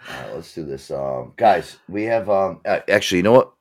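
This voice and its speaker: A man's voice: deep voice, lively intonation, brisk, dry recording. A man hosting a casual show, rambling and swearing, with lots of "like" and "you know". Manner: rambling, profane, full of fillers. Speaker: show host. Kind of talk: casual radio-show chat.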